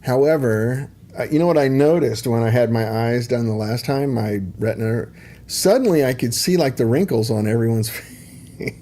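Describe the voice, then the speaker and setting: Rambling, mellow-voiced man chatting on stream. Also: medium pitch, normal speed. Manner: rambling, chatty, many ums and asides. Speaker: livestream host. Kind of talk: casual livestream chat.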